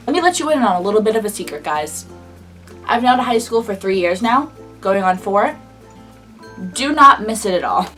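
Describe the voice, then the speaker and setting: A woman in her early twenties telling a casual storytime, animated and indignant, swearing freely. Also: on the high side, fairly quick, distant mic, faint music behind. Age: early 20s. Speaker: vlogger.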